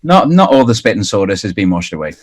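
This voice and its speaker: A man's voice: fairly low pitch, very animated. Welsh man in his fifties chatting. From Wales. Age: 50s. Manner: halting, many fillers and restarts. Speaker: guest musician. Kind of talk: radio interview chat. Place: outdoors by the sea.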